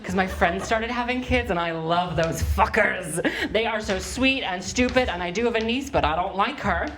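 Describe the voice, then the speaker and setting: A young woman performing a stand-up comedy set on a live stage, with quick, wry, deadpan delivery. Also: medium pitch, a crowd in the background.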